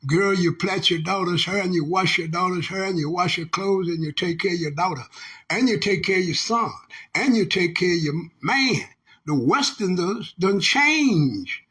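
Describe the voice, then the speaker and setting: Husky older man ranting with a drawl. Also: high voice, moderate pace, pushed and bright. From Texas. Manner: profane, preachy, scolding. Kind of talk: casual monologue rant.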